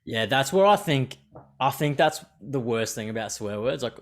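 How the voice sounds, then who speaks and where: A young Australian man hosts an unscripted podcast chat. He swears freely and keeps it animated, slipping into quick impressions of other people. His voice sits at an average pitch for a man. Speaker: podcast host.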